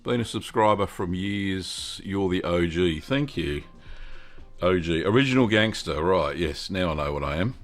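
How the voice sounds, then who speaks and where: Speaking at normal speed in a low, animated voice, a middle-aged man from Australia fields cheese-making questions on a live stream. It's a relaxed chat where he welcomes viewers by name and thinks out loud, often saying um.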